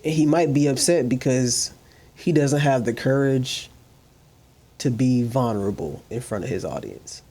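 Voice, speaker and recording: Mellow-voiced man giving earnest commentary. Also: medium pitch, lively intonation, measured pace, breathy edge. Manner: earnest, talks softly to his rescue dog. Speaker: commentary channel host. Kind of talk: reaction commentary.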